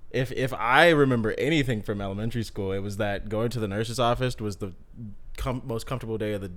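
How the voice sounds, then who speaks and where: A man's voice: lowish voice, fairly bright tone. A young man co-hosting a casual podcast, mostly reacting to the others and adding short remarks. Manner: reactive listener, quick interjections and laughs. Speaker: podcast co-host. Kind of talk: casual chat.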